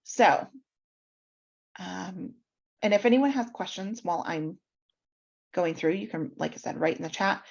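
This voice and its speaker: A woman's voice: fairly low pitch, measured pace, creaky, pauses often, breathy edge, dull audio. A woman hosting an online workshop, explaining website feedback step by step with frequent ums, over a video call. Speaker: mentor reviewing websites.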